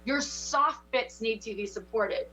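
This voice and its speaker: A woman working as a spiritual teacher who gives oracle card readings and coaching in a passionate, preachy, lively way. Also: on the high side, a little slow, faint music behind, poor audio. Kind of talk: intuitive coaching chat.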